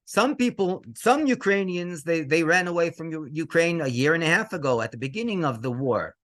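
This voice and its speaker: A man telling a story as a rabbi, his voice sitting a little high and swinging widely up and down. He speaks with lively emotion, drops in Hebrew words and chuckles as he goes. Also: fairly quick, hardly any pauses. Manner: animated, mixes in Hebrew phrases, laughs between lines. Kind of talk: storytelling to an audience.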